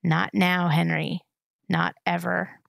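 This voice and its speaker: A woman reading aloud voices a calm, distant young queen in a storybook. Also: lowish voice, slow pace, vocal fry, no echo, studio quality, exaggerated voice.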